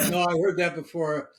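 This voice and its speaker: A man hosts a loose podcast chat and tells jokes in an easy, laid-back way. His voice sits a little higher than most men's. He moves the talk along calmly. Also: a little hiss or hum. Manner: laid-back, wraps up the show. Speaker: podcast host. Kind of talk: casual chat, joke-telling.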